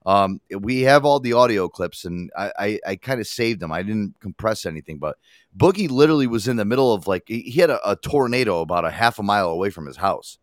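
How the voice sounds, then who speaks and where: A man's voice: lowish voice, lively intonation, fairly quick, no echo, clean studio sound. A man hosting a podcast, chatting casually in a rambling way, swearing and repeating himself. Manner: rambling, profane, repeats words. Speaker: podcast host. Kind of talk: casual chat.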